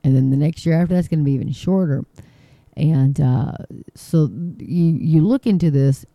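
A woman's voice: sits low, normal speed, gravelly, dark tone, dry recording. A woman hosting her own online channel, reading a news article aloud in casual commentary, with frequent ums, restarts and indignant asides. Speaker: online video host.

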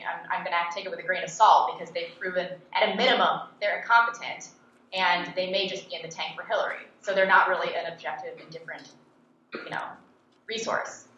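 A woman speaks with a bright, forceful edge and a blunt, sarcastic delivery. The recording is very echoey and slightly dull in tone. She answers interview questions as a commentator, animated and opinionated. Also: lowish voice, slight background noise. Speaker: political commentator and podcast host.

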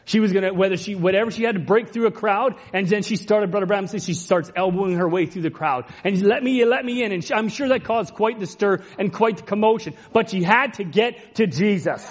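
A high-pitched male preacher delivers an impassioned sermon, sinking to hushed, tender passages and climbing to ringing cries. The recording sounds dull and lo-fi, muffled at the top end. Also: a little fast, few pauses. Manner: impassioned, swings between hushed and rising cries. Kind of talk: emotional sermon retelling a story.

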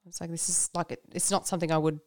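A woman's voice: lowish voice, flat delivery, very fast, dry recording, clean studio sound. A woman speaking candidly and reflectively in a casual conversation about her faith, often laughing and using fillers. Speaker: guest.

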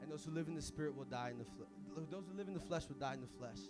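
A young man preaching an energetic sermon as pastor, casual and full of slang, swinging from hushed asides to shouting. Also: on the high side, racing, loud music behind the voice.

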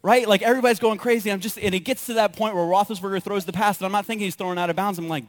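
A male pastor in his thirties delivering a sermon, his voice sitting a little on the high side. He tells personal stories with animated energy and plays out his own reactions as he goes. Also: very fast, few pauses.

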